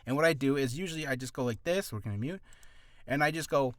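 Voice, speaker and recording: Brief: male vlogger, chatty and self-mocking, lively pitch, dry studio mic. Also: brisk, no echo. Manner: rambling, jokey, self-deprecating. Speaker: hobby voice actor and vlogger. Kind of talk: casual vlog talk. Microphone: studio mic with audio interface.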